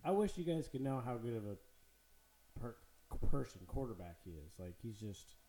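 A man's voice: medium pitch, sing-song, normal speed, dark tone, reverberant, a little hiss or hum, rough recording. A man co-hosting a podcast, chatting casually and animatedly about football, swearing and laughing often. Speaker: podcast co-host. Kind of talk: casual sports chat.

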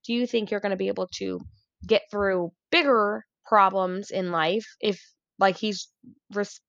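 A woman's voice: mid-range voice, steady tone, measured pace, vocal fry, fairly bright tone, dry recording. Woman co-host, casual chat, chatty and incredulous; slightly muffled, dry recording. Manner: chatty, filler-heavy, incredulous. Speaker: podcast co-host. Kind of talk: casual chat recapping a reality show. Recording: slightly dull, dry sound.

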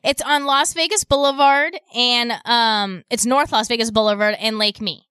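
A woman hosts a radio shopping show, repeating prices and taking calls in upbeat sales patter. Her voice is very bright and a little high. It is recorded dry and close on a studio mic. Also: steady tone, moderate pace, clean tone, dry recording. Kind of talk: radio sales pitch and call-in chat.

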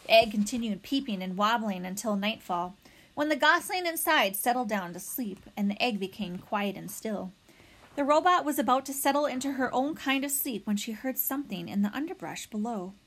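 A woman reading a children's novel aloud as narrator, with expressive storytelling. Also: on the high side, moderate pace.

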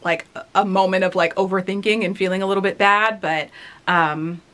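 A woman of about thirty chats casually while reacting to her own past recording. She is open and rambling, full of fillers, and her voice sits at an ordinary middle pitch. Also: fairly even intonation, fairly quick, a bit bright. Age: 30s. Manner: candid, rambling, many "like"s and laughs. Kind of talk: casual reflective commentary.

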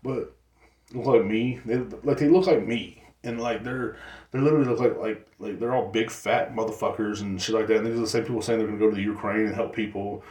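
A man's voice: fairly low pitch, steady tone, brisk, a little mellow. A man hosting his own podcast, rambling through a profane, casual rant full of fillers. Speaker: podcast host. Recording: roomy echo.

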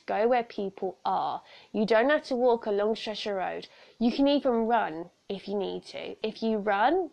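A young woman hosts a solo podcast from a room at home, talking casually about personal safety. Her mid-range voice is gravelly and a little mellow, and she comes across as frank and earnest, chatting with plenty of asides.

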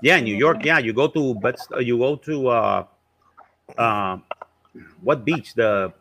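A man's voice: medium pitch, slow pace, fairly bright tone. A man with a Puerto Rican accent in casual chat, rambling and jokey, slipping into impressions. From Puerto Rico.

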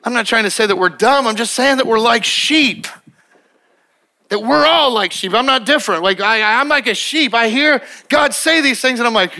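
A middle-aged man preaching a sermon as pastor, emphatic and repetitive, acting out quick little dialogues. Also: very high voice, lively intonation, pushed and bright.

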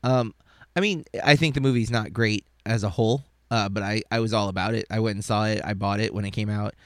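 A man's voice: lowish voice, brisk, dry recording, clean studio sound. A man co-hosting a podcast, talking casually and hesitantly, with many fillers. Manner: rambling, hesitant, lots of fillers. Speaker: podcast co-host. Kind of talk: casual chat.

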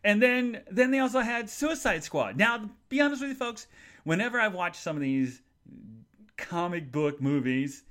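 A man's voice: fairly high pitch, fairly bright tone. A man hosting a casual solo podcast, telling everyday stories in a chatty way with funny asides. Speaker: podcast host.

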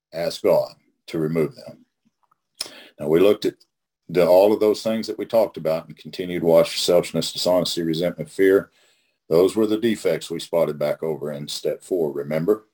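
A middle-aged man from Oklahoma talks through a recovery study in a casual, teaching tone. His voice sits low and has a husky, grainy edge. He is folksy and emphatic and often repeats a phrase to press the point. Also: dark tone. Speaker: host leading a recovery study.

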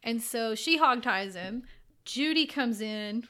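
A woman with a fairly high, very bright voice, chatting with a co-host. She cuts in with quick, wry remarks in a relaxed conversational way. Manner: quick interjections with wry jokes. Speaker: podcast co-host. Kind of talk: casual chat about a film.

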